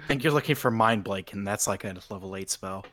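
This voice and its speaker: A woman playing a tabletop game, playful and excitable. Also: very deep voice, fairly quick, dry recording, clean studio sound. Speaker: player. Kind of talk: casual tabletop game play.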